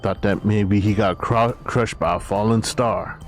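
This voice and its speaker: Male streamer doing a quick-talking folksy dwarf. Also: fairly low pitch, fairly even intonation, soft background music, close to an everyday voice. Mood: matter-of-fact. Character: gruff dwarf traveler.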